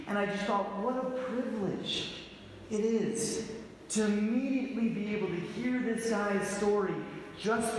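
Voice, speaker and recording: A pastor with a high-sitting voice preaches conversationally, joking, telling stories and putting questions to his congregation. The church hall is echoey with long reverb, and a little hiss or hum can be heard.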